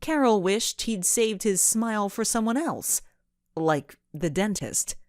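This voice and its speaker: A woman narrating a children's storybook in an expressive, measured way. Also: mid-range voice, no echo, clean studio sound. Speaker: audiobook narrator.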